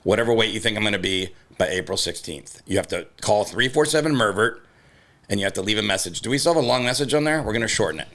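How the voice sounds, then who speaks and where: A man co-hosting a casual comedy podcast, excitable and jumpy, often breaking into loud high yelps and laughter. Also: fast. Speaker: podcast co-host.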